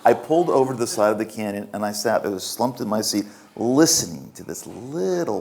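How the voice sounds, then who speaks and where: Brief: man in his fifties, low voice, candid self-mocking festival Q&A storyteller. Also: lively intonation, normal speed, gravelly, background noise. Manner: frank, self-mocking, laughs while telling stories. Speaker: author answering audience questions. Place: festival stage before an audience.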